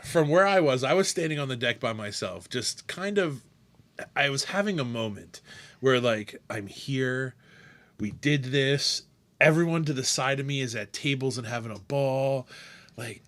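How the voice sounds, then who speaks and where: A man co-hosts a casual beer podcast, an animated storyteller who laughs a lot and acts out voices. His voice is medium-pitched and moderately paced.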